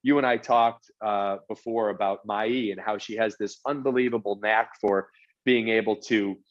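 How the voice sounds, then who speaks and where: This podcast guest, a real estate executive, has a voice on the low side with a steady tone and a normal speed, and the recording has its highs cut off. Being interviewed, he talks earnestly and casually, frequently repeating a word or two at the start of his sentences.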